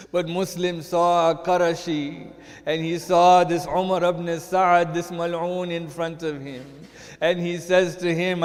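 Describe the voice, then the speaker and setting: A man giving a sermon as a sheikh, telling a mournful story and rising into chanted lament. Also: a little high. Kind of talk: sermon narration. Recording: long hall reverb.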